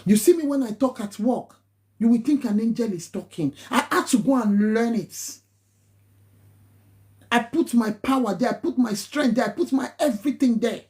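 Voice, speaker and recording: A Nigerian woman nurse talks to her live-stream viewers in a warm, mellow voice. She lectures emphatically, hammering points home through repetition. Pidgin and Yoruba phrases slip into her accented English. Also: on the high side, moderate pace. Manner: emphatic, preachy, repeats phrases for stress. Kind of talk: casual live-stream advice talk.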